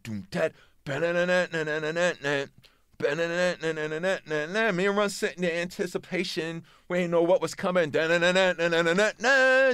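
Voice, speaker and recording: High-voiced man telling a lively story. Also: clean tone, dry recording, studio quality. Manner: lively storyteller, mimics voices and sounds, says true story. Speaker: rapper guest on radio show. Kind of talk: animated storytelling with acted quotes. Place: radio studio.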